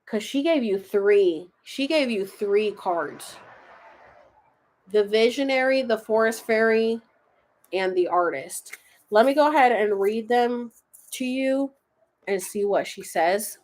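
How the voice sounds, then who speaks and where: Her voice is fairly high but darkish in tone, and she speaks slowly. Hosting a laid-back livestream, she swears, laughs and chats with viewers as she pulls oracle cards and reads them aloud.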